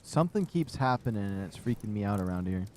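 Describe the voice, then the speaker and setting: A man's voice: lowish voice, expressive, quick pace, darkish tone, a little hiss or hum. A man streaming a game live, chatting casually and rambling to his viewers in his room, a little short of breath. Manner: chatty, rambling, chuckles to himself. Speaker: livestream gamer. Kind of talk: casual gameplay commentary.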